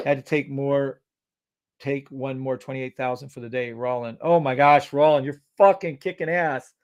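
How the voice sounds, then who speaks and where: Hyped, swearing live-stream trading host. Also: male voice, mid-range voice, steady tone, normal speed, highs cut off, noisy background. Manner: loud, hyped, profane, swings between shouting and muttering.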